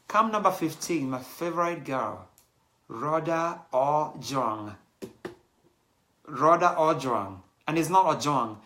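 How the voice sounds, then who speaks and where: A man's voice: medium pitch, fairly bright tone. A middle-aged Kenyan man hosting his show, talking in a casual, rambling monologue with Swahili phrases mixed in. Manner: chatty, digressive, mixes in Swahili phrases. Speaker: show host.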